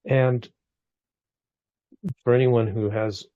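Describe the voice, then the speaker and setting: A man's voice: medium pitch, fairly even intonation, slow, no echo, dull audio. A man in his forties talking reflectively in a casual conversation, full of restarts and small asides. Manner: reflective, warm storytelling with frequent restarts.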